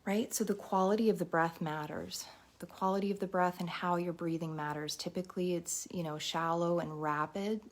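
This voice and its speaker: Speaking to her viewers directly, this woman guides a live meditation and talks about mindfulness with gentle encouragement. Her voice sits on the low side, with a steady tone and a moderate pace.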